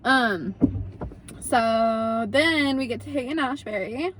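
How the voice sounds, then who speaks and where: Animated young woman telling a wild story. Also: a little high, slow pace, background noise. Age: young adult. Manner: animated, swearing, acts out quotes. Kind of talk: casual storytelling to camera.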